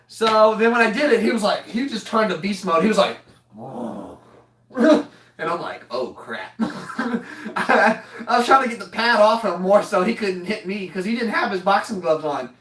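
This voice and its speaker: A woman's voice: mid-range voice, moderate pace, fairly bright tone. A woman telling a funny family story in casual chat, joking and laughing as she goes. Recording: echoey room, mic far off.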